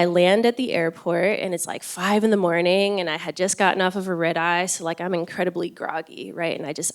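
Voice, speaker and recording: A woman neuroscientist on a live event panel, telling a personal story in an earnest, thoughtful way with frequent restarts and fillers. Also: on the low side. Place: event stage.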